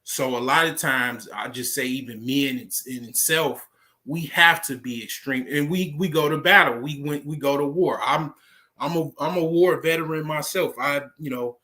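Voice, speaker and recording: A man's voice: fairly high pitch, normal speed, bright, forceful tone. An American man talking in a casual, rambling monologue, full of fillers and profanity. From United States. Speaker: vlogger.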